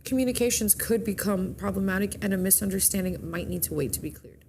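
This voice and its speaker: With a mid-range, slightly mellow voice and a quick pace, a woman co-hosting a morning show reads the horoscopes in a chatty way. She makes slips and corrects them as she goes. A little hiss or hum can be heard.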